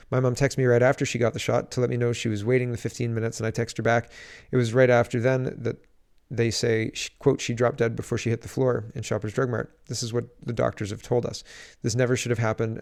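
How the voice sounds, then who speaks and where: On a livestream, a man with a mid-range, slightly mellow voice and some vocal fry does casual political commentary. He reads viewer comments aloud and reacts indignantly, rambling and restarting often.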